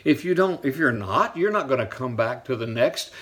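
A pastor preaching a sermon, telling stories and slowing down to stress key lines. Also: male voice, mid-range voice, expressive. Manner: storytelling preacher, shifts pace for emphasis, drops to soft asides.

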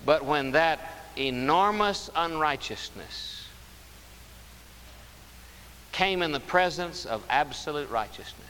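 In a bright, forceful voice on the high side, a man delivers an emphatic sermon, lengthening important words and repeating lines. Hall reverb fills the recording, along with a faint hiss.

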